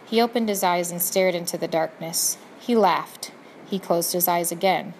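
A woman narrating a children's storybook, speaking directly to the reader in a gently expressive way. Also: on the low side, normal speed, a little hiss or hum, rough recording. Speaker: audiobook narrator.

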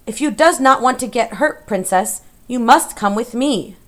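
A woman voicing a dim, rough servant girl in an audiobook, shouting rehearsed lines in broken grammar. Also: a little high, lively intonation, moderate pace, voice pushed up, natural voice. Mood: blurting. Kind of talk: audiobook character voice.

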